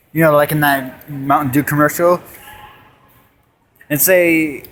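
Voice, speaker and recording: A man's voice: a little high, lively intonation, slow, long pauses, fairly bright tone. A young man telling rambling jokes and stories in a comedy monologue, jumping between bits and put-on voices. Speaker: amateur comedian. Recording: faint background noise.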